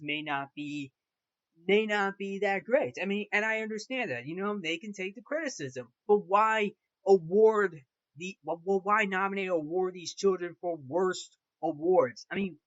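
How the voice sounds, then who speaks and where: A man's voice: on the high side, fairly bright tone, dull audio. A man hosting a movie commentary show, talking off the cuff in a rambling way, restarting and repeating phrases as he rants. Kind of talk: casual unscripted movie commentary.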